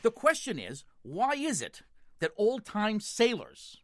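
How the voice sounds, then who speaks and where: A man's voice: high-pitched, wildly swooping pitch, takes it slowly, dry recording, clean studio sound. An older man with a Boston accent, co-hosting a call-in radio show, telling jokes and laughing as he talks. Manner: jokey storyteller, laughs often, repeats words.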